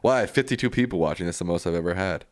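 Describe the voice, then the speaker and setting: A man's voice: low-pitched, very fast, dry recording, clean studio sound. A man hosting a live stream, reading viewer comments aloud and answering them in a casual, plainspoken way.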